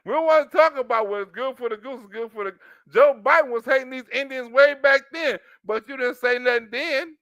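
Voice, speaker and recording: A man's voice: extremely high pitch, a little fast, fairly bright tone, dry recording, highs cut off. A man doing comedic reaction commentary, mocking and laughing often, with street slang.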